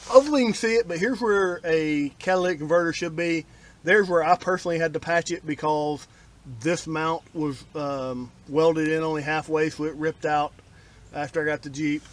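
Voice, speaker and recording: Wry man fixing his Jeep. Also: a little high. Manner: wry, blunt, grumbling about shoddy work. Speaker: DIY car repair vlogger. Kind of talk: casual how-to narration. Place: outdoors working on a Jeep.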